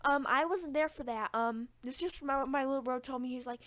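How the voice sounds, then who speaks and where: High-voiced rambling young woman. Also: fairly quick, a bit bright, highs cut off. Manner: rambling casual, crude joking. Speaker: vlogger. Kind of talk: storytime vlog.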